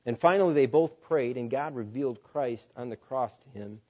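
Male preacher, mid-pitched, dramatic storytelling sermon with rhetorical questions; dull lo-fi recording. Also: normal speed, husky. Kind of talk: sermon, reading a story aloud.

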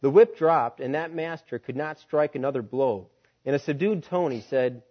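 A man's voice: medium pitch, normal speed. A man preaching, reading a story aloud with dramatic delivery and rhetorical questions, on a dull lo-fi recording.

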